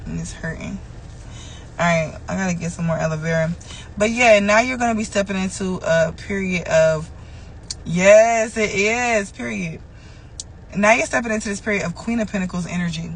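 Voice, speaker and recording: In a low-quality recording with a little hiss or hum, a woman of medium pitch and moderate pace gives a casual tarot reading. She keeps it loose and conversational, cursing often and repeating phrases to drive points home.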